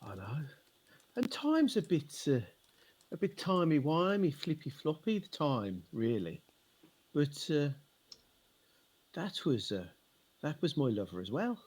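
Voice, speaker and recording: A man voicing a shifty Tudor conman who talks in a conspiratorial, wheedling, folksy way, with a husky voice. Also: on the high side, big pitch swings, measured pace, pauses often, darkish tone, full character voice.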